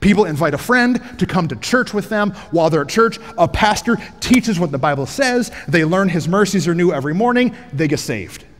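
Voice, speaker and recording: Wearing a headset mic in a large church auditorium, a male pastor preaches an energetic, joking sermon that rises to shouts for emphasis. His voice is high and a little fast with hardly any pauses, and the sound carries a big-room quality.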